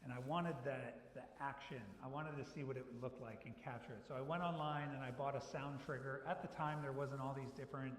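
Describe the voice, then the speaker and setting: A man's voice: medium pitch, fairly even intonation, a little fast, few pauses. A man, a photographer, telling casual anecdotes to a club audience, acting out the dialogue as he goes. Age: adult who was a child in the 1980s. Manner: chatty and anecdotal, acts out quoted dialogue. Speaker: photographer giving a club presentation. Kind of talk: casual storytelling talk. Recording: echoey hall recording from a room mic.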